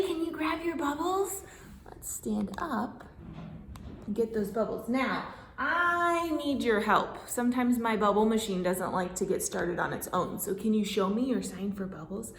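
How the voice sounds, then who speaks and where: A woman leading a children's storytime in a library classroom, reading aloud and singing in an animated, sing-song way with gasps of delight. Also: on the high side, unhurried, slight background noise. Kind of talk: children's storytime with songs and signing. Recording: echoey room.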